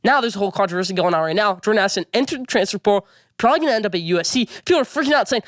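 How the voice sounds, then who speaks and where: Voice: medium pitch, lively intonation, racing, fairly bright tone, dry recording, studio quality. A sports vlogger giving opinionated commentary, rambling and repeating points as he goes.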